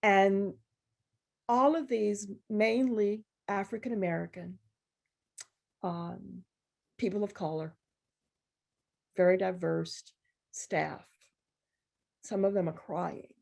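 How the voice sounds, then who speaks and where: At a university event, a guest poet tells a story in a lively, conversational way, voicing the other people in it. Her medium-pitched voice is creaky and slow, with long pauses.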